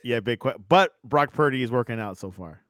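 A man hosting a casual sports chat, steering it with quick questions. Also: mid-range voice, lively intonation, fairly bright tone, no room sound. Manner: leads topics with quick questions. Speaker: podcast host.

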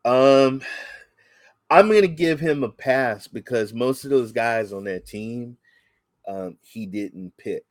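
A man co-hosting a casual sports chat, talking excitably with many halting restarts. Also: mid-range voice, dry recording. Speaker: podcast co-host.

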